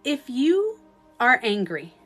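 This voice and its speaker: A woman's voice: fairly high pitch, big pitch swings, slow pace, a bit bright, husky, soft background music. A woman coaching viewers in a casual livestream talk, frank and emphatic, swearing freely and acting out inner thoughts as quoted asides. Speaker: beauty and relationship coach.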